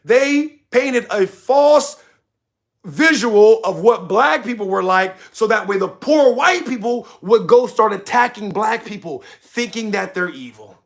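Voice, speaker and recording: A man's voice: sits high, animated, measured pace, creaky. A young man hosting a livestream, talking passionately and ranting straight to his chat. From United States. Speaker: livestream host. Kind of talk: heated livestream commentary.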